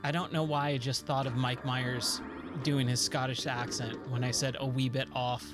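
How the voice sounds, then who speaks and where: A man's voice: mid-range voice, flat delivery, moderate pace. A man in his thirties chatting casually while playing arcade games, rambling and easily sidetracked. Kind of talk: casual chat while gaming. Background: game music.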